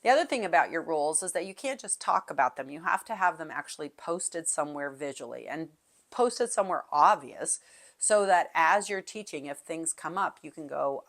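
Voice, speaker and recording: A woman's voice: sits low, lively intonation, brisk, fairly bright tone. A middle-aged woman music teacher talking through classroom tips in a chatty way, singing out short call-and-response rhythms as she goes. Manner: chatty, demonstrates calls and rhythms aloud.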